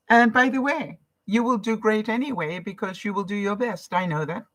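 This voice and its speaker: A woman's voice: medium pitch, normal speed, a bit bright. An older woman from Canada, a vlogger chatting casually on a live stream, reading out viewer comments and encouraging them between laughs.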